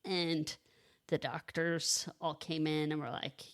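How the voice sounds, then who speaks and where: Woman, 30s, lowish pitch, casual podcast storyteller, halting with lots of fillers. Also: level tone, clean tone. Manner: halting, restarts, frequent "like" and "you know". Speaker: podcast co-host telling her own story.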